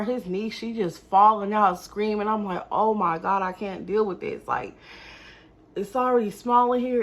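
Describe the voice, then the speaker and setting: A woman's voice: fairly high pitch, a bit bright. A young woman telling a casual storytime to her viewers, often addressing them directly. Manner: exasperated, talks straight to viewers. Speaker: vlogger.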